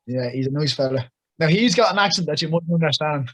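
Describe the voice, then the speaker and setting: A man's voice: fairly high pitch, expressive, fast, fairly bright tone. A young man with an Irish accent, a boxer chatting casually and upbeat as an interview guest. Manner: chatty and upbeat, full of praise for others.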